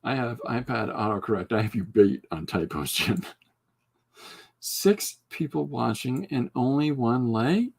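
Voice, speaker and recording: Gravelly, husky man chatting casually. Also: medium pitch, expressive, unhurried. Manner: rambling, joking, reacting to chat. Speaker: podcast host. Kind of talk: casual livestream chat while drawing.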